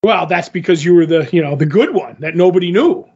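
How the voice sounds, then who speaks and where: A man co-hosting a podcast, telling animated stories with frequent laughter in casual chat. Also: sits high, a little fast, husky, lo-fi sound. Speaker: podcast co-host.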